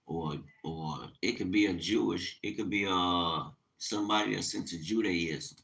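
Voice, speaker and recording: Deep-voiced man preaching with urgency. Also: vocal fry, fairly bright tone, poor audio. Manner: reads scripture aloud and comments. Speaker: livestream Bible teacher. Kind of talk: livestream Bible teaching.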